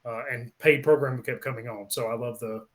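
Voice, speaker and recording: A man talks his way through an album song by song, stopping often with ums and uhs. He sounds relaxed and chatty, like a regular co-host of a casual podcast. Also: mid-range voice, fairly quick. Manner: rambling, many ums, lists songs one by one. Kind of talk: casual album review chat.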